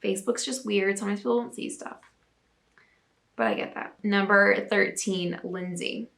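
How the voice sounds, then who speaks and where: Chatty young woman with vocal fry. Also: mid-range voice, steady tone, normal speed, fairly bright tone. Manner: chatty, bubbly, many "like" fillers. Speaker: host reading viewer submissions. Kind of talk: casual chat and reading aloud.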